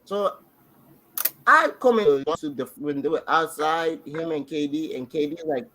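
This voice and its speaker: A man on a podcast excitedly rambling through a show recap, restarting sentences as he goes. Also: fairly high pitch, a little slow, poor audio. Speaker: podcast co-host. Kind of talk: casual reaction chat.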